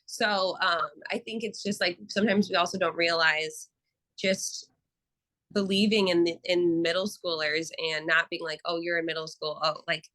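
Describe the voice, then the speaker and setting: A young woman with a low-set but bright, forceful voice chats as a therapist guest in an interview. She tells lively stories and acts out the people in them. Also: unhurried, rough recording. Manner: animated storytelling with acted quotes. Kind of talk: casual interview talk.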